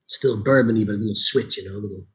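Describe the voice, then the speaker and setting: Hoarse middle-aged voice actor, casual and rambling, muffled lo-fi sound. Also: male voice, lowish voice, racing, a bit bright. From Chicago, USA. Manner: rambling, with frequent restarts. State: sore throat. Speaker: voice actor and audiobook narrator. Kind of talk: casual conversation.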